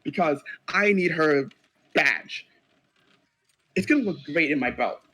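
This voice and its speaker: This is a brash, boastful female champion, put on by a man at the table. She mocks everyone around her with a husky, lively voice that jumps up and down in pitch. The manner is dismissive and full of swagger. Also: a little slow, heavily acted, poor audio. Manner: cocky, taunting, dismissive.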